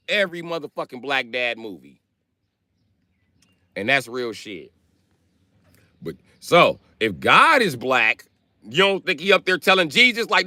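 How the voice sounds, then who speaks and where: Man ranting on a livestream, profane, rambling, joking, bright tense voice, outdoors. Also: medium pitch, big pitch swings, a little slow, long pauses, no echo, studio quality. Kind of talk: casual livestream rant.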